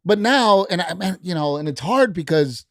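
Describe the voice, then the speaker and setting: A man's voice: sits high, lively intonation, normal speed, dry recording, clean studio sound. A man who is a comedian guest on a podcast, chatting animatedly, swearing freely and acting out quotes. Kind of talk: casual chat.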